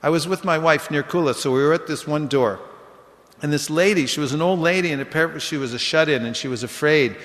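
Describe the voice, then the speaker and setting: A man giving an informal class, telling lively anecdotes and acting out the people in them. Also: fairly high pitch, fast talker. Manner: animated storyteller, acts out voices in quotes. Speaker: book distribution speaker. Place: temple hall. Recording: echoey hall.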